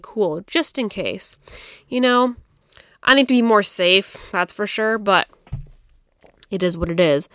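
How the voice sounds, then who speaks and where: A woman's voice: medium pitch, fairly bright tone, clear, resonant tone, dry recording, clean studio sound. A young woman hosting a casual, candid chat, tired and cursing freely as she sips wine. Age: young adult. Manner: candid and profane, laughing, drinking wine. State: tired, yawning. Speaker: podcast host.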